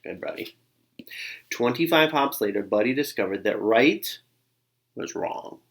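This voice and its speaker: A man reading a children's picture book aloud, with a lively sing-song delivery and soft hushed asides. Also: medium pitch, a little slow. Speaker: storybook reader. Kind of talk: children's story read-aloud.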